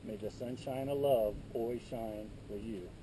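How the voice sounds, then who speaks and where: A man's voice: fairly low pitch, moderate pace, background noise. Moved man reading a wedding letter. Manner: earnest, moved, reading carefully.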